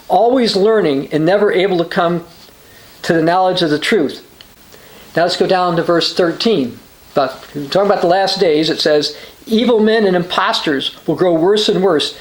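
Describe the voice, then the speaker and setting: This preacher, who runs a religious news channel, has a high voice and preaches a brief sermonette at a moderate pace, with noticeable echo. He works through news and scripture, reading quotes aloud and often saying uh and starting over.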